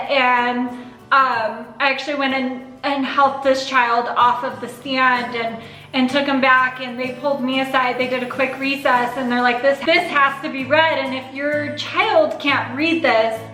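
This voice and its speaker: Woman, 30s, vlog host; high, bright, earnest delivery; echoey room, faint music. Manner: earnest and open, fighting back tears at times. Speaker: vlogger, foster and adoptive mother. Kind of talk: casual Q and A vlog.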